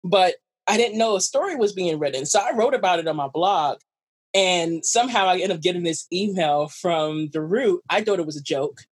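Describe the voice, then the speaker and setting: Animated woman telling a story. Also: fairly low pitch, moderate pace, breathy edge. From New York. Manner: animated, acts out quoted voices, swears freely. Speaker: guest, runner and writer. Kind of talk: casual storytelling interview.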